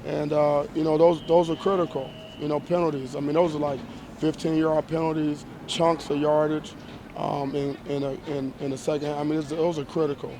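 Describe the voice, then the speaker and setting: A man answering reporters as a college football head coach after a game, measured and emphatic, often restarting and repeating phrases. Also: a little high, flat delivery, background noise. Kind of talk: post-game press conference.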